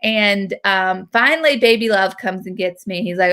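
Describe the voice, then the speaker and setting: A woman in her thirties from North Carolina, hosting and telling a story in casual chat, animated and full of fillers. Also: medium pitch, moderate pace. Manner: animated, chatty, with frequent fillers. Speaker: host.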